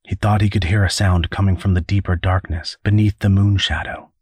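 A man narrating an audiobook in a steady storytelling manner. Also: low-pitched, a little fast, slightly rough, no room sound. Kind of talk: scripted narration.

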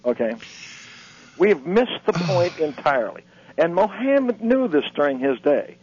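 Halting male radio guest, muffled sound. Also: fairly high pitch. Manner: halting, repeats words, animated storytelling. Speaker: author and lecturer guest. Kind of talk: radio interview. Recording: dull lo-fi radio audio.

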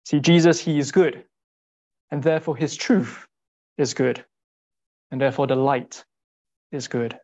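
A man giving a sermon in an earnest, rhetorical way, repeating short phrases and pausing for weight. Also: medium pitch, darkish tone. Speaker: speaker giving a Bible talk.

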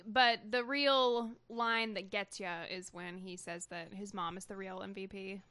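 A woman's voice: mid-range voice, fairly even intonation, measured pace, bright, forceful tone. A woman co-hosting a casual podcast, talking earnestly and reading news stories aloud. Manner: emotional, earnest. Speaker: podcast co-host.

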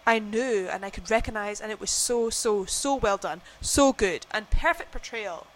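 A woman's voice: mid-range voice, normal speed. A young woman co-hosting a podcast, chatting casually about a film, gushing and full of fillers and restarts. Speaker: podcast co-host. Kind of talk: casual film-review chat.

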